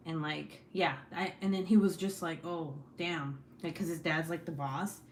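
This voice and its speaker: A woman's voice: sits low, normal speed, roomy sound, a little hiss or hum. A woman in her forties hosting a casual livestream, chatting with viewers and reading their comments, swearing freely. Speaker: livestream host.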